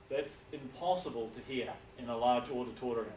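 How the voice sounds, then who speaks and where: A man from New Zealand with a New Zealand accent, giving a classroom lecture as a teacher and pausing often to check in with his students. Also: medium pitch, darkish tone. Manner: deliberate, checks in with frequent "okay?". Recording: echoey room, distant mic, faint hiss.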